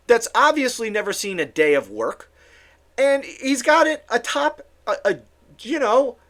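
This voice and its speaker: Sarcastic, lively-pitched political ranter. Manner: sarcastic, exasperated ranting; halting restarts and repeated words. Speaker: political commentary host. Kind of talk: solo political commentary.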